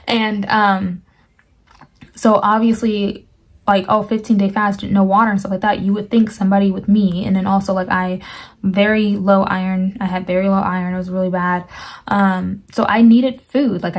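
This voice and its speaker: A woman's voice: medium pitch, a little mellow. A young woman sharing a personal Christian testimony in a casual, earnest way, urging listeners with repeated phrases and frequent fillers.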